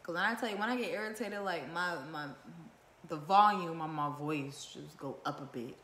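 Speaking at normal speed, this vlogger talks her mind in a casual livestream monologue from indoors at home. Her voice is low, forceful and naturally loud; she's blunt, swears freely, and fires off rhetorical question after rhetorical question, with the room adding a roomy echo.

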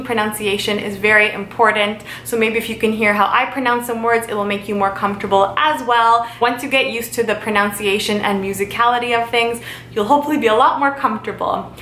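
A woman giving a casual video language lesson, chatty and friendly, repeating phrases slowly and carefully. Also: a little high, steady tone, fairly bright tone, a little hiss or hum. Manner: slow, careful repetition of phrases. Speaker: language teacher. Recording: roomy echo.

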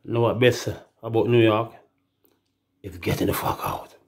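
A man's voice: on the low side, moderate pace, creaky, darkish tone. A Jamaican man in a rambling, profane casual monologue, breaking into laughing asides. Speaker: musician.

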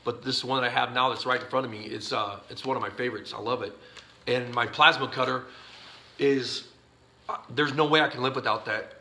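A man's voice: medium pitch, steady tone, brisk, gravelly, bright, forceful tone. A man talking casually to camera from his garage workshop, rambling in a folksy way with lots of uhs, and sleepy and yawning. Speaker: YouTube channel host answering viewer questions.

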